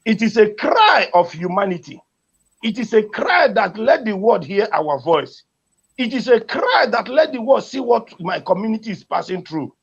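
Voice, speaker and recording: A man's voice: sits high, very animated, moderate pace, slightly rough, lo-fi sound. A man with a Nigerian accent making an impassioned, repetitive appeal for his community. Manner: pleading, repetitive, emotional. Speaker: community advocate.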